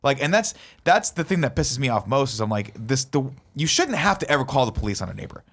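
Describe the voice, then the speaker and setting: A man's voice: medium pitch, big pitch swings, quick pace, a bit bright. A man, a podcast co-host, telling a heated story in casual chat and swearing a lot.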